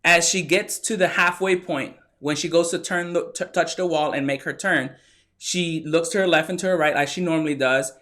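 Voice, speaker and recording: A man with a fairly high voice delivers a motivational talk. He tells a story with animated energy and acts out the lines of the people in it. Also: normal speed. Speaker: motivational speaker.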